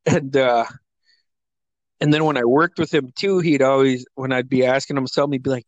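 A man in relaxed conversation, recalling old memories with plenty of laughter. He slips into higher, punchier voices when quoting people. The sound is close and dry, with no room echo. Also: fairly quick, highs cut off. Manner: animated storyteller, acts out quotes in a higher voice; laughs often, many fillers. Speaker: friend sharing memories. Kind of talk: casual storytelling chat.

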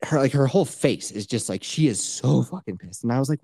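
Young male host, loose profane storyteller, average pitch, dry mic. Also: expressive, brisk, vocal fry, mellow, no room sound. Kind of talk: casual chat.

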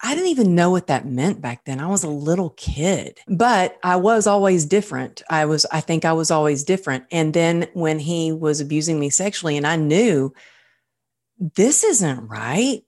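A woman's voice: low voice, lively intonation, moderate pace, darkish tone. A woman hosting a podcast, talking in an earnest, candid, personal way. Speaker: podcast host. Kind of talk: podcast interview conversation.

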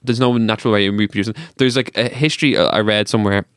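A man's voice: fairly low pitch, steady tone, rapid-fire, fairly bright tone, clean tone, no echo, studio quality. A man co-hosting a podcast in casual comedic chat, rambling crudely with lots of fillers. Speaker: podcast co-host.

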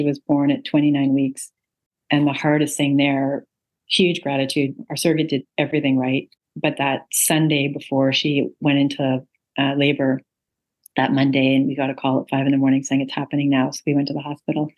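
A woman's voice: extremely low pitch, flat delivery, a little fast, darkish tone, muffled recording. A middle-aged woman, an author and interview guest, telling a personal story earnestly with many ums and uhs. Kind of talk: interview conversation.

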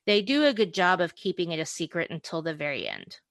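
A woman's voice: lowish voice, huge pitch swings, fairly quick, a bit bright, no room sound. A woman hosting a podcast in casual chat, chatty and giggly, often hedging with "you know". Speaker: podcast host.

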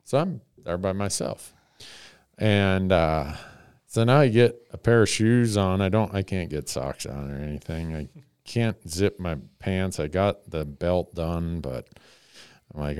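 A man with a very low, smooth and resonant voice spins a rambling story on a podcast, chuckling at himself as he goes. The sound is close and dry. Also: a little slow, a little mellow, no echo. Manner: rambling, self-mocking, chuckles often. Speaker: podcast host telling a story. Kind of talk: casual storytelling.

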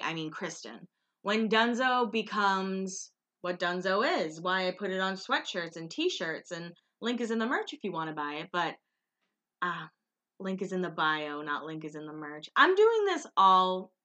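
A woman's voice: fairly low pitch, bright, forceful tone. A tired woman chatting casually in a rambling, self-correcting way, recapping a show in one unrehearsed take. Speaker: vlogger recapping a reality show.

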